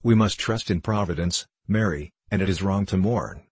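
Man doing steady father, measured and reassuring, deep husky voice, dry. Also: no room sound.

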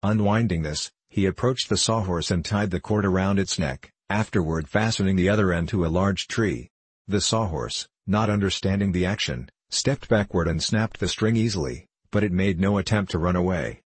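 A man narrating a children's story as an audiobook reader, with a steady storytelling delivery. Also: deep voice, normal speed, breathy edge, no echo. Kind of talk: scripted narration.

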